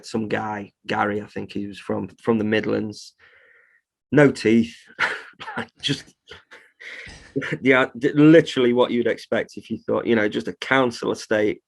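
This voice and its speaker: A man's voice: medium pitch, creaky. A man who runs a reptile shop, talking heatedly in a casual podcast interview, swearing freely as he rants. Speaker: reptile shop owner, guest.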